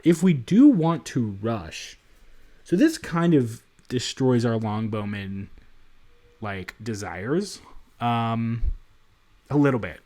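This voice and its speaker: A man's voice: mid-range voice, a little mellow. A man giving let's play commentary in a city apartment, thinking aloud in a rambling way with frequent restarts. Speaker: gamer.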